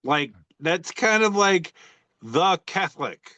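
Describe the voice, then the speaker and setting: A man's voice: high voice, sing-song, slow pace, bright, forceful tone, no room sound. Rambling, joking man on a podcast. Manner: rambling, joking, with many fillers and restarts. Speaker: podcast co-host reading social media posts. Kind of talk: casual chat.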